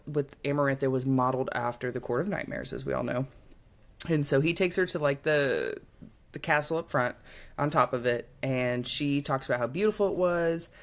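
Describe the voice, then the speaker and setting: A young woman with a low voice talks through a book on a casual podcast. Her pitch swings widely as she retells scenes and slips into quick character quotes. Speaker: podcast co-host.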